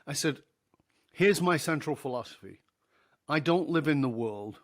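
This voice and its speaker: A man's voice: a little high, expressive, normal speed. A middle-aged man, a podcast guest, telling a story in an interview, acting out the dialogue and laughing easily.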